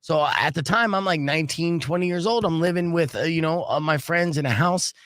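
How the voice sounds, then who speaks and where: A man's voice: on the high side, brisk. A man hosting a morning radio show, telling a long story in a loose, swearing way and acting out the people in it. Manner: animated storyteller who acts out voices and swears freely. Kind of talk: casual morning radio talk. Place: radio studio. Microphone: studio microphone.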